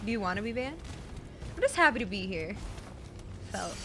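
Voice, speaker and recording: A young woman streaming a video game, chatting with her viewers, swearing and yelling at the game, then apologizing and teasing herself. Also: mid-range voice, sing-song, moderate pace, background noise. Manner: self-mocking, teasing chat. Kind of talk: casual live gameplay commentary to chat.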